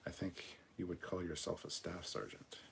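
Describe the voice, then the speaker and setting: A man's voice: deep voice, little pitch movement, moderate pace, creaky, fairly bright tone, breathy edge. A man hosting a casual livestream, reading chat aloud, swearing often and laughing between remarks. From Canada.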